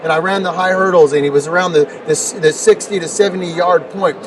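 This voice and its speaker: A middle-aged man, appearing as an interview guest, speaks with a high-sitting voice at a brisk pace and a steady tone. He tells personal stories emphatically, repeating words and building up rhetorical questions in a conversational storytelling interview. The recording comes from a distant mic with noticeable noise.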